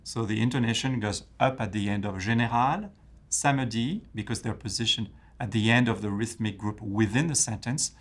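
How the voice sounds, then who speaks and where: A man hosting a pronunciation lesson, explaining French rhythm and intonation clearly and putting questions to his guest. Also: fairly low pitch, steady tone, fairly quick, hardly any pauses, fairly bright tone. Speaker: French pronunciation teacher, host.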